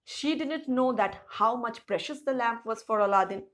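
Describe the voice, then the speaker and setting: A woman teacher whose voice sits on the high side speaks at a moderate pace in a storybook lesson. She reads a children's story aloud, simplifies each sentence in a retelling, and asks the class rhetorical questions.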